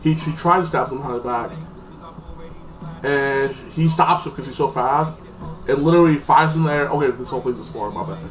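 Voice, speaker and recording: Speaking fairly quickly in a mid-range voice, a man gives an offhand, rambling review of a movie. "Like" comes up again and again, and he acts out the characters. He is a bit distant from the mic, and faint music can be heard.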